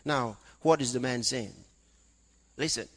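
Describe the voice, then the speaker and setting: A man's voice: mid-range voice, a little slow, a bit bright. A man preaching a fervent sermon, breaking into praise between his points. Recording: long reverb of a hall.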